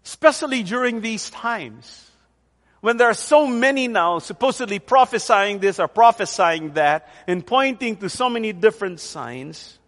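A man preaching a sermon, working through a scripture passage in an emphatic way and slowing down to stress key phrases. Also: high voice, expressive, fairly bright tone. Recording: long hall reverb.

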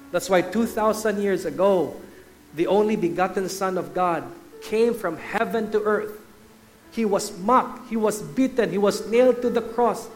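A middle-aged man with a Filipino English accent, preaching an earnest sermon that builds to fervent peaks and calling the congregation "guys.". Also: on the high side. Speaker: pastor. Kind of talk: sermon with altar call.

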